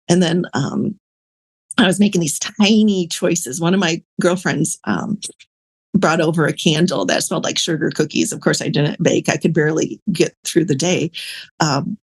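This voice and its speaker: A woman guest on a podcast tells her own story candidly. Her voice is breathy and sits in a middle pitch. She wanders through her thoughts, with lots of fillers and soft laughter. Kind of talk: personal story in a podcast interview.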